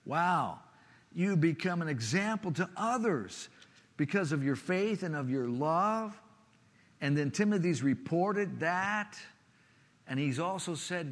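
A man preaching a sermon with expressive delivery, dropping to a soft, hushed voice for a personal story. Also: a little high. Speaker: pastor. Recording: long reverb of a large hall.

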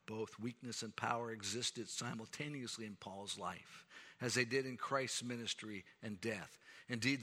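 A man's voice: mid-range voice, pushed and bright, slightly rough. A middle-aged man preaching a sermon in an earnest, emphatic way. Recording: long reverb of a large hall.

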